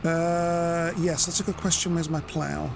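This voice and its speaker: A man's voice: a little high, level tone, unhurried, creaky, background noise. A man giving chatty live commentary as he plays and explains his method step by step. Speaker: streamer.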